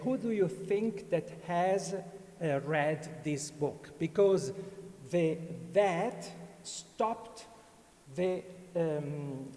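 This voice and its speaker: A man giving an academic conference talk, halting often with fillers and restarts. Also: fairly high pitch, a little mellow. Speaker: conference speaker. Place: university conference hall. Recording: long hall reverb.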